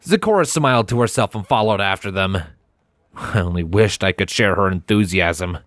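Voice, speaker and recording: A man reads a story aloud in the first person, steady and measured. His voice sits low, and the recording is dry and close with no room sound. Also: dry recording. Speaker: fanfiction audiobook reader. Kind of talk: first-person audiobook narration.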